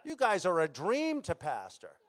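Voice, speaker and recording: A man's voice: high-pitched, wildly swooping pitch, measured pace. A male pastor preaching a sermon, telling a story dramatically and acting out the voices of the people in it.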